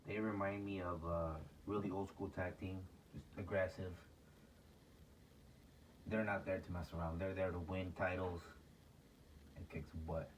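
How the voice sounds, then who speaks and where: A man's voice: deep voice, little pitch movement, unhurried, pauses often, a crowd in the background. A man co-hosting a casual wrestling review podcast, speaking hesitantly with repeated words and frequent "uh". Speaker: podcast co-host. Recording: distant mic with clear background noise.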